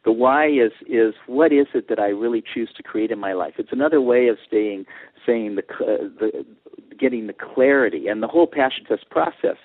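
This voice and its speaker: Radio guest: earnest man, husky voice, phone-line sound. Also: medium pitch, moderate pace, no room sound. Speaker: guest, co-author. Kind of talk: phone-in radio interview, explaining. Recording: dry tinny phone line.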